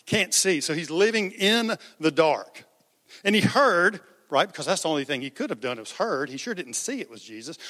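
A man's voice: on the high side, pushed and bright, big-room sound. A man preaching a sermon as pastor, conversational, raising his voice for quoted cries.

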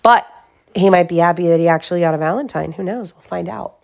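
A mother reading a storybook aloud to her children at home, gentle and pausing to ask them questions. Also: on the low side, vocal fry.

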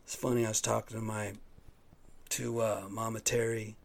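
A man's voice: fairly low pitch, level tone, moderate pace, gravelly. A man hosting his own podcast, telling a rambling, profane story in a casual, worked-up way. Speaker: podcast host. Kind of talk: casual solo monologue.

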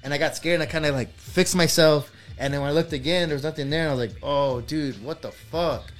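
A man's voice: on the high side, quick pace, faint music behind. A young man telling a personal ghost story on a podcast, rambling with lots of fillers and swearing. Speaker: podcast co-host. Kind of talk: casual storytelling.

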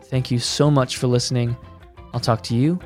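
A man hosting a podcast, narrating a story in a gentle, measured way. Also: medium pitch, level tone, over music. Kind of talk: scripted narration.

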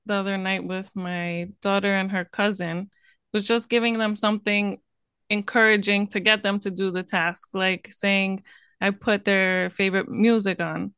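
A chatty mother telling everyday parenting stories in a relaxed way. Her voice is smooth and clear at a middle pitch. It sounds dry and close to the mic. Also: moderate pace, no room sound. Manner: chatty, shares stories about her daughter. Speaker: parenting podcast co-host. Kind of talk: casual chat.

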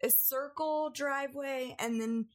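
A young woman in casual storytelling on a podcast, animated and acting out family members as she goes. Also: measured pace. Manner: animated, acts out family members with big pitch jumps. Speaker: podcast co-host.

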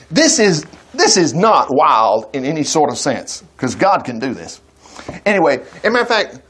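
A man's voice: a little high, a bit bright, husky. A man preaching a sermon at a church service, retelling a Bible story with folksy asides and laughter.

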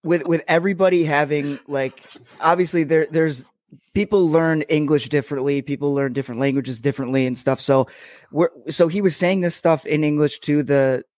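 A man's voice: a little high, moderate pace, a little mellow, no room sound. A man hosting a podcast, asking rambling, hesitant questions in casual chat. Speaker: podcast host.

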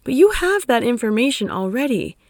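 A woman hosting a motivational talk as a coach, energetic and emphatic, dropping casual swear words. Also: fairly high pitch, a little fast, no echo, clean studio sound. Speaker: coach and podcast host.

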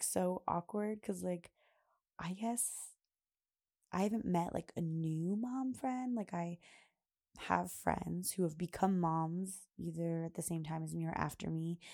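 A woman's voice: fairly low pitch, vocal fry, dark tone. A young woman hosting a podcast, chatting casually and rambling with lots of laughs and filler words. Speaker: podcast host. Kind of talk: casual solo chat.

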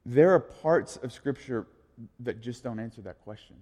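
A man's voice: mid-range voice, lively intonation, normal speed, mellow. A man in his thirties giving a casual, conversational sermon as a youth pastor, in an echoey hall. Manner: casual, conversational, full of "like" and restarts.

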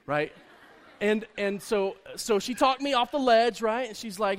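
A man preaching a sermon as a personal story, acting out conversations with lively swings in his voice. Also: high voice, brisk. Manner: animated storyteller, acts out dialogue. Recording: long hall reverb.

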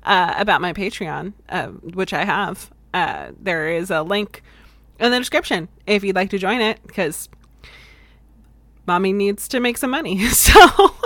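A woman with a light Southern lilt hosts a casual storytelling podcast, chatty and playful and swearing freely. Her voice is bright and clear, recorded close and dry, with no room sound. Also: fairly low pitch, expressive, unhurried, no echo. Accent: slight Southern US. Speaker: podcast host.

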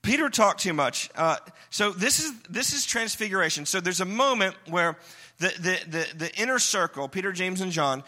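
A man preaching a sermon to a congregation, animated and joking as he acts out quoted lines. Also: high voice, moderate pace. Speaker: pastor.

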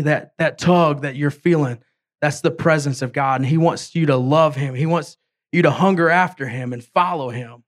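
A man preaching a sermon as an evangelist, retelling a story in casual words and reading scripture aloud with halting slips. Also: fairly high pitch. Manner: storytelling, voicing characters in a casual way.

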